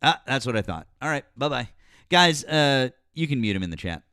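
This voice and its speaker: A man hosting a live political call-in, blunt and exasperated, cursing as he talks. His voice sits mid-pitch, recorded dry and close. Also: sing-song, brisk, pushed and bright, smooth, no room sound. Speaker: host. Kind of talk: live political talk stream.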